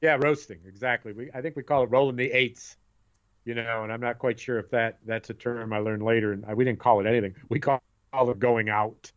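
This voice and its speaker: A middle-aged man co-hosting a podcast in casual chat, an animated storyteller who acts out voices. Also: medium pitch, a little fast. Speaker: podcast co-host. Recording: dull lo-fi sound.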